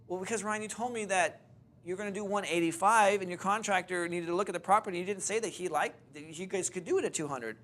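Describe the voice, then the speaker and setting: An apologetic woman who is selling her house explains herself earnestly, as a man telling a story quotes her. The voice is slightly higher than his own and stays close to his usual way of speaking. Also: quick pace, fairly bright tone. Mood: explaining.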